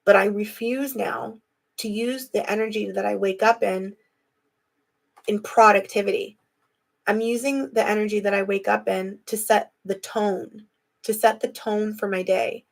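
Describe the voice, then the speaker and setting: A woman's voice: medium pitch, steady tone, measured pace, vocal fry. A young adult woman hosting a live video, talking casually and reflectively to her viewers. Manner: chatty, reflective, addresses viewers directly. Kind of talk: casual live-stream talk.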